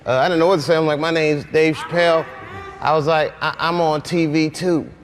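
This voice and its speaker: A man's voice: a little high, steady tone, a little fast. A man telling stories in a casual talk-show chat, laughing often and acting out the voices of people in his stories. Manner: laid-back, laughing, acts out voices in stories. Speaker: comedian guest.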